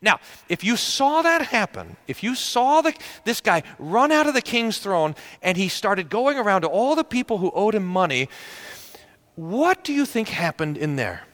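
Bright-voiced preacher telling a story. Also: male voice, high-pitched, sing-song, moderate pace. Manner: conversational storytelling with frequent restarts. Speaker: pastor. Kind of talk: sermon.

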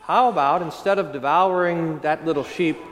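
A man voicing a calm, selfless shepherd in a sermon story, speaking firmly and evenly. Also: fairly high pitch, moderate pace, big-room sound, close to an everyday voice, poor audio.

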